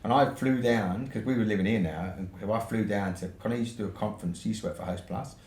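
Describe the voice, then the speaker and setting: British bloke, podcast guest spinning a casual yarn, swears a lot, lowish voice, echoey room. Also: male voice, fast, a little mellow. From United Kingdom. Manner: swears freely, ends points with "right?". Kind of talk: casual storytelling. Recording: roomy echo with faint noise.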